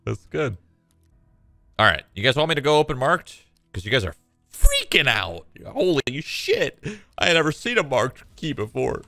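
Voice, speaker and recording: A man's voice: mid-range voice, wildly swooping pitch, normal speed, creaky, bright, forceful tone, no room sound, soft background music. A man streaming a shooter game, chatting casually to viewers with a laid-back, joking manner and frequent swearing. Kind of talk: casual gameplay commentary.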